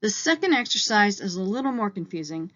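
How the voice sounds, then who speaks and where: A woman teacher in a recorded online lesson, walking through each point step by step and slowing down on the key terms. Her voice sits at a middle pitch. The audio is slightly dull. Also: big pitch swings, a bit bright.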